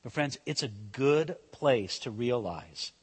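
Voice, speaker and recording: A man preaching a sermon, swinging between loud emphasis and hushed intensity. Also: medium pitch, lively intonation, slow pace, breathy edge, in a large hall. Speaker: pastor.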